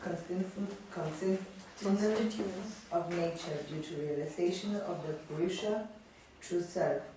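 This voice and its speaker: A woman with a fairly low voice reads a text aloud in class, stumbling over unfamiliar terms. She is far from the mic in a very echoey room with audible background noise. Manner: halting over unfamiliar words. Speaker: student reading aloud.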